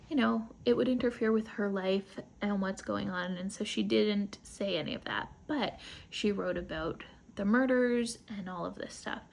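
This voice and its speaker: Woman host, casual book-club recap, light fry in the voice. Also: mid-range voice. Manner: chatty, rambling retelling with asides.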